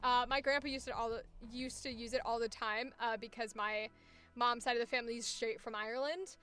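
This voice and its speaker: Speaking a little fast, a woman voice actor keeps a steady tone in a pushed, bright voice on the high side. She's streaming a coaching session, chatting loosely, cursing freely, and laughing easily over faint background music.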